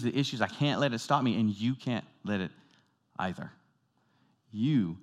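Man preaching, swinging loud to hushed. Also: lowish voice. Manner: dynamic, swings from loud emphatic to soft hushed; talks directly to the congregation with questions. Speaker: pastor. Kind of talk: sermon.

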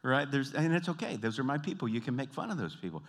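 A man from the American South with a Southern accent, performing an animated stand-up comedy routine. He tells stories and jumps into high, exaggerated voices. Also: fast. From Southern United States. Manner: animated storytelling, jumping into high put-on voices.

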